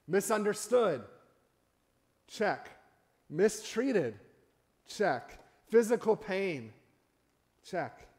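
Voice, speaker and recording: A man preaching a sermon in a church, talking conversationally and often checking in with the congregation with asides. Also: a little high. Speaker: pastor. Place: church sanctuary.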